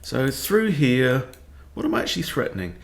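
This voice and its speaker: A man's voice: medium pitch, sing-song, normal speed, gravelly. Man muttering through a chess game. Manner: thinking aloud, muttering moves to himself. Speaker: chess coach. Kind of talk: live game commentary.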